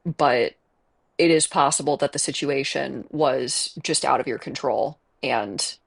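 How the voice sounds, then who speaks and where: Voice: medium pitch, unhurried, gravelly. A game streamer with a Chicago accent, chatting casually and rambling with lots of fillers while playing. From Midwest United States. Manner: rambling and chatty, with many fillers and self-aware laughs. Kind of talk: casual live-stream chat while gaming. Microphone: earbuds with a desk mic setup.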